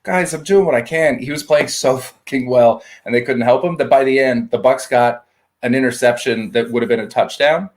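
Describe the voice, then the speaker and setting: A man co-hosting a casual chat, relaxed and joking, swearing now and then. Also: medium pitch, normal speed. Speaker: podcast co-host.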